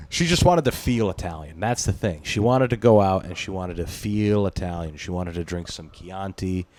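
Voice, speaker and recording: A man's voice: low voice, lively intonation, a little slow, a little mellow. A man hosting a podcast in loose, profane banter, rambling and laughing often between thoughts. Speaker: podcast host. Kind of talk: casual chat.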